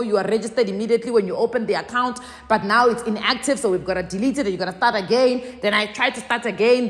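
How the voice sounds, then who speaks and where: A South African woman talking to camera as a content creator, telling stories with lively swings and acting out both sides of phone calls. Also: a little high, in a large hall. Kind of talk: casual vlog talk.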